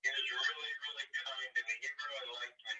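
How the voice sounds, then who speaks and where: A man's voice: mid-range voice, flat delivery, a little fast, pushed and bright. Man in his sixties on a distant call. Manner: rambling anecdotes with many fillers. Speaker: guest. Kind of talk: casual interview storytelling. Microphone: remote call.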